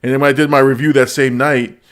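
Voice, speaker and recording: A man's voice: mid-range voice, little pitch movement, quick pace. A man hosting a live stream, chatting casually, laughing often and repeating words as he reads chat aloud.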